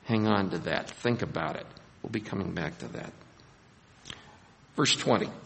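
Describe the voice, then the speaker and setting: Gravelly preacher in a reverberant hall. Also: male voice, low-pitched, normal speed. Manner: animated, acts out scenes with rising voice. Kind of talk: sermon.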